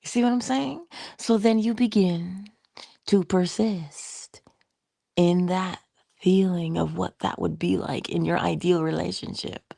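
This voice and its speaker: A woman giving a spiritual motivational talk in a soft-spoken way, often dropping into whispers, with playful, affectionate asides. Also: on the low side, vocal fry, no room sound, studio quality. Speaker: inspirational speaker.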